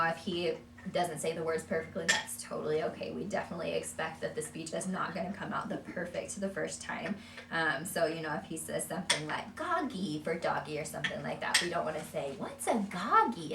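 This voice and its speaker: A woman speech therapist casually explaining language strategies to parents in a small group, with lots of fillers. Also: deep voice. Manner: conversational, many fillers. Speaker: early childhood speech therapist. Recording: echoey room, from far off, background noise.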